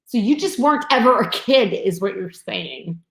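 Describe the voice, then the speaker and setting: A woman chatting casually about movies, animated and acting out scenes as she tells them. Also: medium pitch, normal speed, creaky. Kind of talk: casual chat. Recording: echoey room.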